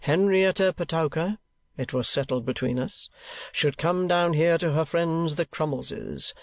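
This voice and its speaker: A man puts on a smug, tight-fisted old rate collector for a storybook reading, drawing out each word slowly in a fussy, self-satisfied way. The voice sits a touch higher than usual and comes across close and dry, with no room around it. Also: big pitch swings, no room sound. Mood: anxious. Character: pompous, penny-pinching older male rate collector.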